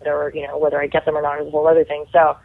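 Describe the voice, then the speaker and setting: A woman's voice: deep voice, very fast, vocal fry. Chatty woman on a phone line. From Canada. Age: 30s. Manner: chatty, animated, lots of "like" fillers. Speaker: guest actor. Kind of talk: casual storytelling. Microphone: phone call.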